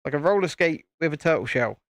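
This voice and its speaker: A man's voice: a little high, expressive, quick pace, fairly bright tone, dry recording, clean studio sound. A British man hosting a live stream, chatting casually and playfully with viewers while building a toy set, often stopping and restarting his sentences.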